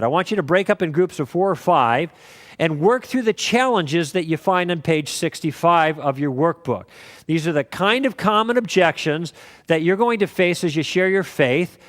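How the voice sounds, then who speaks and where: A man's voice: a little high, lively intonation, normal speed, in a large hall. A man teaching an apologetics class, telling stories of his conversations with quoted dialogue in a conversational lecturing way. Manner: conversational storytelling with acted quotes.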